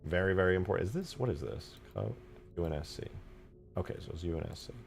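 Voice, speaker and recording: A man's voice: sits low, lively intonation, quick pace, gravelly. A young man streaming his game modding, chatting casually and profanely as he rambles and answers chat. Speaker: live streamer, game modder. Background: faint music.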